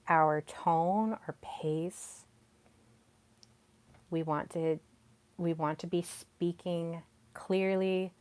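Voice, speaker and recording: Female podcast host, young adult, low unhurried delivery, soft and deliberate. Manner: slow, soft and deliberate, with many pauses. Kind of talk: solo podcast talk on communication.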